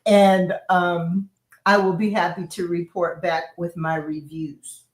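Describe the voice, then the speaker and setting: A woman's voice: on the low side, flat delivery, slow, breathy edge. A woman from Memphis, chatting on a panel in an earnest, enthusiastic way with small restarts. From Memphis, Tennessee. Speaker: regular panelist. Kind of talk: casual chat.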